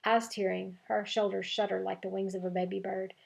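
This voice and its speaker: Gravelly-voiced woman reading a story aloud. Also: mid-range voice, little pitch movement, brisk, darkish tone. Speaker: teacher. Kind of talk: reading a chapter book aloud.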